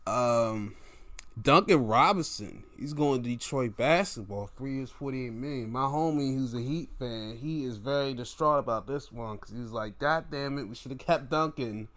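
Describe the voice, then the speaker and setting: A man's voice: medium pitch, normal speed, fairly bright tone. A man hosting a sports podcast who talks casually and uses a lot of swearing as he goes through a list of basketball signings, joking as he goes. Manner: loose, profane, joking commentary. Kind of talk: casual sports talk, going down a list of free-agency moves.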